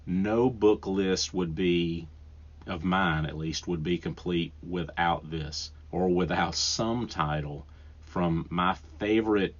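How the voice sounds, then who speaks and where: A man's voice: sits low, highs cut off. A man with a thick Southern accent hosting a podcast, recommending books in an enthusiastic, rambling way with fillers and restarts. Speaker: podcast host. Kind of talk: casual book recommendations.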